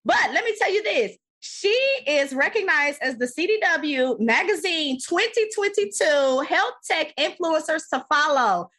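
A woman hosting a podcast interview, energetic and playful, repeating words and stretching them for emphasis. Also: high-pitched, a little slow, hardly any pauses. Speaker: podcast host.

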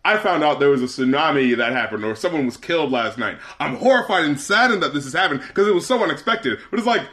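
A man's voice: a little high, expressive, fast talker, fairly bright tone. A man co-hosting a podcast in casual chat, swearing and laughing often. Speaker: podcast co-host.

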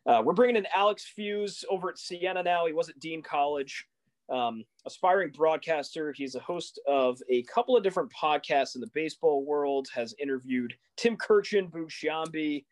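A young man co-hosting a sports podcast in a relaxed, casual chat. He gets worked up in animated rants and fires off rising, exasperated questions. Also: a little high, fairly quick. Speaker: podcast co-host.

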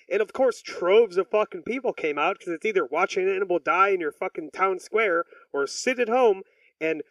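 A man's voice: high-pitched, animated, normal speed, no echo, recorded from a distance, low-quality recording. A man co-hosting a podcast in casual, profane chat, rambling and acting out the people he quotes. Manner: rambling, swears a lot, acts out quoted people. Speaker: podcast co-host.

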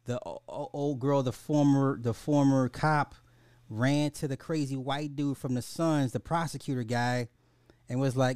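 A man hosting a casual podcast, ranting in an animated, profane, excitable way. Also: medium pitch, measured pace, clean tone, no echo, clean studio sound. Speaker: podcast host.

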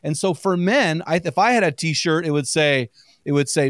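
Chatty upbeat man, fast storyteller. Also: on the high side, no room sound, clean studio sound. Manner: energetic storyteller, quick and chatty, laughs often. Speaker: podcast guest. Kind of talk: casual chat.

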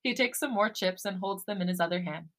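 Woman podcast host, reading a story aloud, expressive, bright clear tone. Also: mid-range voice, fast talker.

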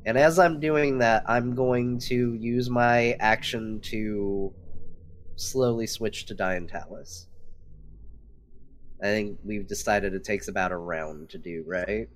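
Slow, deliberate male player. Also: fairly low pitch, slight background noise. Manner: deliberate, thinking aloud. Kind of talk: casual tabletop play.

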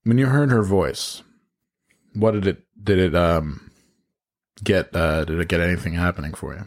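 Crude, excitable man telling stories. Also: low voice, normal speed. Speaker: podcast co-host. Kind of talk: casual comedic chat.

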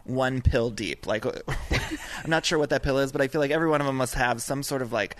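A man's voice: medium pitch, fairly quick, fairly bright tone. A young man, a podcast guest, chatting casually with gushing enthusiasm and frequent laughter. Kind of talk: casual chat.

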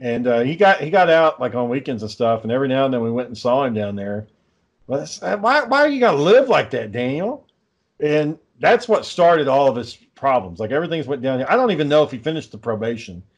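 Speaking quickly with few pauses, a man with a medium-pitched voice hosts a podcast and recounts a long story. His casual, lively storytelling is full of profanity and exasperation.

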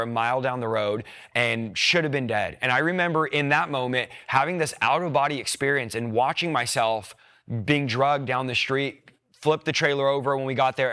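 A man's voice: mid-range voice, a bit bright, clear, resonant tone, no room sound, clean studio sound. A young man earnestly telling his personal faith testimony, retelling near-death events with quoted thoughts and emotion. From rural background. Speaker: guest sharing a testimony.

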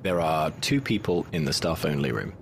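A man's voice: very deep voice, expressive, moderate pace, creaky, a little hiss or hum. A man narrating as game master in a tabletop game, casual and vivid with some swearing.

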